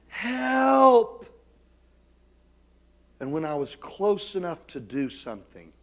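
A middle-aged man preaching a sermon as pastor, with self-deprecating humor, dropping to quiet asides and rising to loud, emphatic calls. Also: on the high side.

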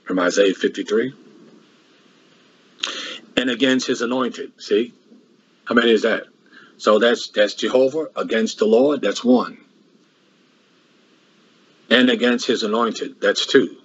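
A man's voice: medium pitch, measured pace, long pauses, lo-fi sound, slight background noise. A man preaching a sermon that works through a Bible passage verse by verse, with frequent restarts and rhetorical questions.

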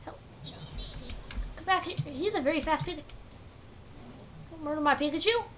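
A young woman commentating her own Pixelmon let's play, rambling casually and bursting into excited shrieks. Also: high-pitched, normal speed, slight background noise. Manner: chatty, swings from mumbling to excited shrieks. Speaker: gaming YouTuber.

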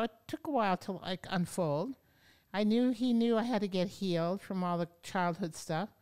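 A woman yoga teacher telling stories as an interview guest, animated and acting out the voices of people she quotes. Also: medium pitch, smooth. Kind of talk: storytelling in an interview. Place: podcast studio.

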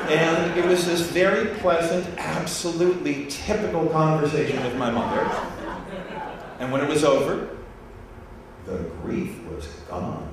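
A man telling a story to a live audience, animated and laughing as he goes. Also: on the high side, measured pace. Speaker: speaker. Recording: echoey hall, distant mic, noisy.

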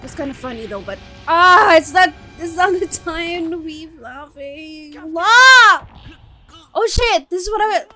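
Woman reaction host, very high and bright, unhurried between frequent emotional outbursts. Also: lively intonation, faint music behind. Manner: emotional, exclaims and shouts often. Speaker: anime reaction channel host. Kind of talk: live reaction to an anime episode.

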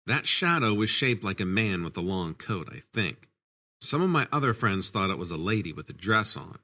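A man's voice: low voice, sing-song, moderate pace, sharp tone. A man narrating first-person horror stories in a casual, conversational storytelling manner.

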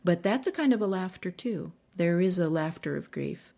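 A woman's voice: lowish voice, moderate pace, gravelly. A woman poet reading a poem aloud and then talking about it with delight. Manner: delighted, animated when discussing the poem. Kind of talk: poetry reading and reflective commentary.

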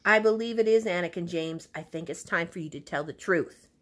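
A woman voicing a calm, fair-minded woman teacher from a children's storybook, speaking in a measured, thoughtful way. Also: fairly low pitch, close to an everyday voice.

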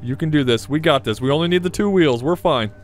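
A man's voice: on the high side, animated, fast, soft background music. A young man giving casual let's play commentary, chatting to himself and coaxing his vehicle along, yelping when things go wrong. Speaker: gameplay commentator.

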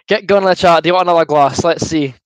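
A young Scottish man with a high voice hosts a football watchalong stream and chats his way through the viewer comments. He sounds good-humoured and a little queasy from gulping fizzy juice, and the sound is dry and close. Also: quick pace, smooth, no room sound, poor audio. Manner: chatty and good-humoured, reads out comments and answers them. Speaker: livestream host. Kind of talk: casual watchalong chat, reading viewer comments.

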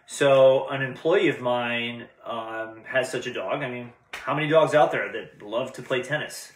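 A man's voice: medium pitch, a little slow, recorded from a distance. A man hosting a casual vet podcast, swinging between earnest stories and groan-worthy jokes. He sits a little back from the mic, and the room rings around his voice. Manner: storytelling, lively joke delivery. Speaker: veterinarian podcast host. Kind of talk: casual chat and corny jokes. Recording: roomy, from off the mic.

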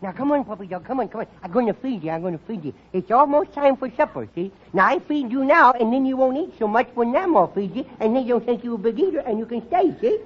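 A man's voice: very high voice, animated, fairly quick, few pauses, slightly rough, exaggerated voice. A cheeky little boy, baby-talking. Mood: coaxing. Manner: lisping baby talk, giggly, bad grammar. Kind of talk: 1940s radio comedy acting. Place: radio studio before live audience. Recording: muffled vintage radio, audience laughter, hiss.

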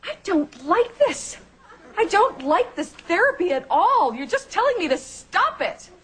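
Timid anxious woman patient, high lively pitch, slow, TV clip with audience laughter and noise. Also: exaggerated voice. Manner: hesitant, meek murmurs.

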